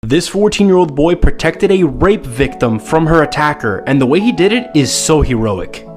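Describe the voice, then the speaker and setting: A man's voice: fairly high pitch, very animated, moderate pace, darkish tone, soft background music. Man reading a scripted story. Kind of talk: scripted narration.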